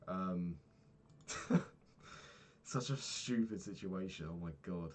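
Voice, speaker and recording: A man's voice: sits low, slow pace, a little hiss or hum. A young man in his twenties talking frankly in a rambling daily vlog, swearing casually and filling gaps with ums. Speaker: vlogger.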